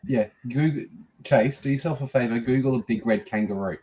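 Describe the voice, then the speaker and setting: A man's voice: mid-range voice, fairly quick, over a noisy crowd, rough recording. A man in a casual chat, insistent and swearing freely. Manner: insistent, profane.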